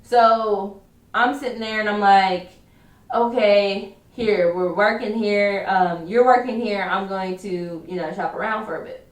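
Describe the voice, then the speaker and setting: A woman's voice: mid-range voice, fairly even intonation, unhurried. Young woman doing a casual story time, chatty, kinda far from the mic, echoey room. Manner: chatty, repetitive, quotes others. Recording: roomy echo, distant from mic.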